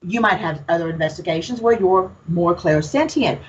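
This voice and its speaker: A woman's voice: fairly low pitch, moderate pace, lo-fi sound, a little hiss or hum. A woman from Alabama with a Southern accent, talking as a guest in a casual chat, outspoken and folksy. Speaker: podcast guest, paranormal investigator.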